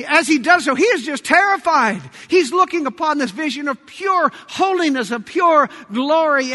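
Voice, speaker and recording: A man preaching a sermon to his congregation, dramatic, swinging between loud cries and hushed tones. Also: very high-pitched. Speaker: pastor. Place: church sanctuary. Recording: long church hall reverb.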